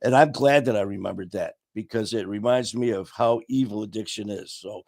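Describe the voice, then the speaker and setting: A man's voice: on the low side, fairly quick, vocal fry, dry recording. Earnest man sharing recovery stories. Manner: earnest, storytelling, drops quiet on painful moments. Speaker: podcast co-host. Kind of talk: casual recovery talk.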